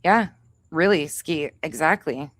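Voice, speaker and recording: Low-pitched and slow, a woman's voice comes through with no echo as she hosts a livestream. Her rant is furious and full of swearing; she confronts another creator by name and reads chat usernames out loud.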